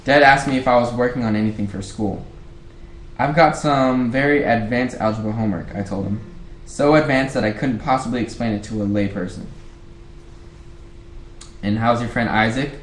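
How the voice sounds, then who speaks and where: A man reading a novel aloud in a relaxed, casual book-club way, often going back over a line. The recording sits in a roomy, echoey space with a faint hiss underneath. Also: medium pitch, normal speed, pauses often. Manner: rereads lines, breaks off to chat.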